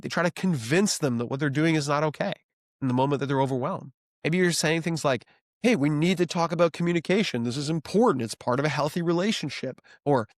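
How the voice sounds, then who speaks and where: Male relationship coach, 30s, earnest and calm, slightly high voice, dry close mic. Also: no echo. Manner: calm, earnest, coaching tone with acted example phrases. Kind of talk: advice talk to camera.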